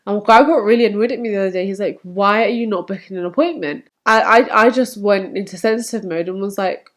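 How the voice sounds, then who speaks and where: A woman's voice: medium pitch, quick pace, few pauses. A young woman vlogging to camera, speaking candidly and chattily, and acting out remembered quotes. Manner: candid, animated, acts out quotes.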